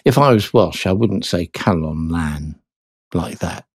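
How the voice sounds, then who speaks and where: A man presenting a radio show of hymns and Bible readings, talking in a chatty, musing and gently playful way. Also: low voice, lively intonation, measured pace, husky, no room sound, clean studio sound.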